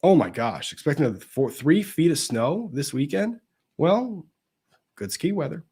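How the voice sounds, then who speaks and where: A man hosting a casual live stream, reading viewers' greetings aloud in a chatty way, his pitch swinging up and down as he goes. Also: sing-song, normal speed, warm tone, breathy edge. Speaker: livestream host of a legal commentary show.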